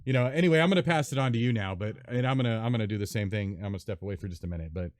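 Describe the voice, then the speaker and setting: A man hosting a casual gaming podcast, talking in a loose, relaxed way full of fillers. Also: fairly low pitch, racing, dry recording. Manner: relaxed, filler-heavy, laughs along. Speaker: podcast host.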